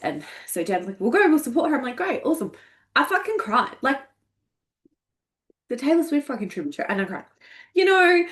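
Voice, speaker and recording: A woman in her forties speaks in a raw, casual monologue as a coach. She is frank and profane, openly emotional, and often laughs at herself. Her pitch sits in the middle for a woman. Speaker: energetics coach.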